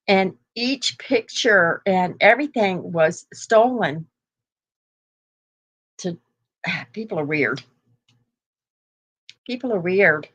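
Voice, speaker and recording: A woman's voice: on the low side, a bit bright, lo-fi sound. An older woman hosting a casual live chat, rambling through stories and laughing often. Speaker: host.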